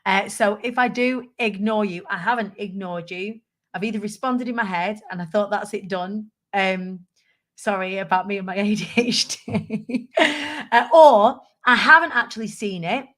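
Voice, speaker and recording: A middle-aged woman from the United Kingdom, chatting casually to camera in a rambling, warm-hearted way, with many fillers. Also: medium pitch, normal speed. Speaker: vlogger. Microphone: computer webcam.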